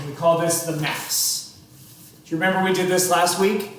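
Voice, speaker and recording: A man's voice: high voice, steady tone, normal speed, a bit bright. Sarcastic man lecturing in echoey classroom. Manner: dry sarcastic humor, chatty asides to students. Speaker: chemistry teacher. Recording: very echoey classroom, faint room noise.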